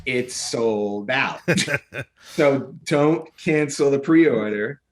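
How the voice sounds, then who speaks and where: A man co-hosting a casual podcast chat, telling an animated story and acting out both sides of his phone calls. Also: mid-range voice, drawn-out words. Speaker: podcast co-host.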